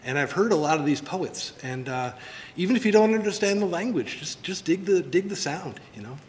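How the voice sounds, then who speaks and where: A man giving a relaxed, easygoing welcome speech in a library. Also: brisk. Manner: relaxed, laid-back, easygoing, laughing. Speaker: opening speaker. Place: library room after hours. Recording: reverberant hall with faint rumble.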